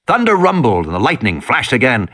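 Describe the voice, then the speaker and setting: A man's voice: mid-range voice, wildly swooping pitch, a little fast, pushed and bright. Dramatic male audiobook narrator. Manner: dramatic, rises and falls with the tension. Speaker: audiobook reader.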